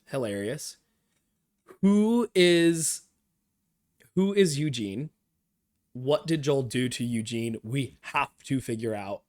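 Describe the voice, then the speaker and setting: A man of ordinary pitch talks through a TV episode on a live stream. His recap is enthusiastic and rambling, and he acts out the characters' lines along the way. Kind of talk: casual show discussion.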